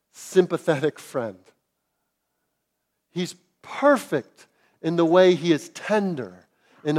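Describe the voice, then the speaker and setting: A man preaching a sermon to his congregation, earnest, rising to loud emphatic peaks and dropping to hushed, tender lines. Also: on the high side. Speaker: pastor. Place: church sanctuary.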